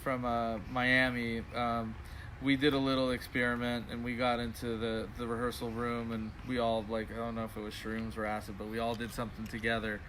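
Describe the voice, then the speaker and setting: A man's voice: medium pitch, monotone, brisk, noisy background. A man who is a studio musician and producer, talking in a laid-back, rambling way in a casual interview.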